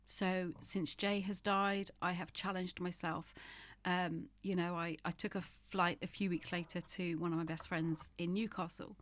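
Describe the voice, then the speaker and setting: Frank woman in her fifties, low voice. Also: little pitch movement, measured pace, few pauses. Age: 50s. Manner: frank, laughs often, swears, shifts between humor and grief. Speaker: podcast guest. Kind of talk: candid conversational interview.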